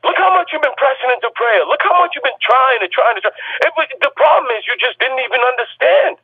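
A man with a high, husky voice delivers a fervent sermon over the telephone. He presses his point again and again, insistent and climbing toward shouts. The tinny phone line thins out his sound. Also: lively intonation, quick pace, dry recording. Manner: insistent and repetitive, rising to shouts. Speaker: preacher.

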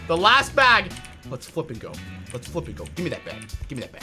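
A young man giving excited, jokey gameplay commentary as a YouTuber, often shouting when things go wrong. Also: a little high, a little fast, faint music behind. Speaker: gaming YouTuber.

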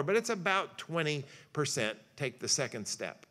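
A man's voice: fairly high pitch, big pitch swings, moderate pace, a bit bright. A man speaking as a pastor at a church luncheon lecture, telling folksy stories and acting out quotes as he makes his point. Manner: folksy storytelling with jokes and acted-out quotes. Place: church hall.

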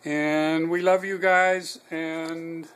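A man at home filming his dog, coaxing it with sing-song praise and urging it to speak, ending in earnest, warm words and a prayer. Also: fairly high pitch, level tone, extremely slow, smooth. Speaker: dog owner. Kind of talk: home video talking to a pet. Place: home living room with a couch. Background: dog in the room.

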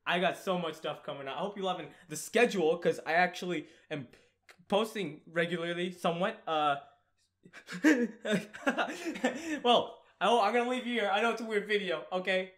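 A teenage boy ranting excitedly in a home vlog, rambling and giddy, swinging from loud yelps to mumbles, sometimes far from his desk mic. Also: sits high, moderate pace. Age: teens. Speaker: gaming YouTuber. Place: home room.

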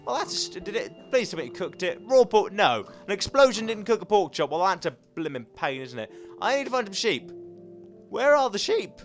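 A young man commenting as he plays a video game, chatty and excitable, talking to the animals in the game. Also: high voice, brisk, faint music behind. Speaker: gaming commentator. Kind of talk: playing a game with live commentary.

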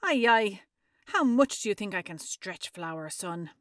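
A woman reading aloud, voicing a bustling, fretful mother from a storybook with loud, fussing exclamations. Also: medium pitch, animated, measured pace, no echo, studio quality. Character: bustling, fretful African mother cooking pancakes.

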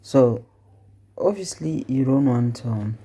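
A man teaching spreadsheet formulas in a casual tutorial, talking things through out loud and asking himself questions. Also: medium pitch, animated, takes it slowly, husky. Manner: conversational, asks questions and answers them himself; thinks aloud with fillers and self-corrections. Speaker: Excel tutor. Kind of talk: casual screen-recorded tutorial.

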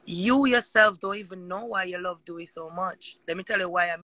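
A woman's voice: fairly low pitch, a little fast, pushed and bright. A Jamaican woman talking casually on a live chat, emphatic and rambling.

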